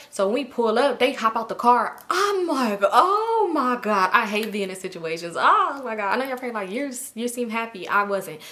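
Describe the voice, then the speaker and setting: Animated woman telling a story. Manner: animated, acts out quotes with big pitch jumps. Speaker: storytime vlogger. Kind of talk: casual storytelling.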